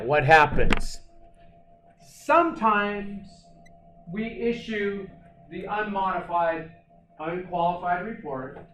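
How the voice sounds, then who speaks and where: A man lecturing on accounting to a class. He is animated and asks the class questions, then answers them himself. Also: sits high, background noise. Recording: echoey classroom, mic far off.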